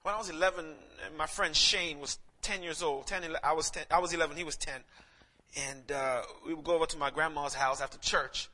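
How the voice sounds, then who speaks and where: A young adult man from Saint Lucia, a pastor preaching and telling personal stories, swelling to near-shouts and dropping soft again. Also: fairly high pitch, steady tone, a little fast. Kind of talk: sermon with personal storytelling.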